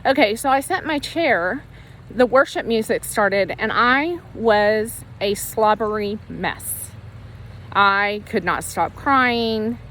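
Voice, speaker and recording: Speaking slowly in a fairly high, fairly bright voice, a woman who leads a Christian ministry recounts her personal testimony of faith. The recording carries a slight hiss or hum, and her earnest, casual telling wanders emotionally with many restarts.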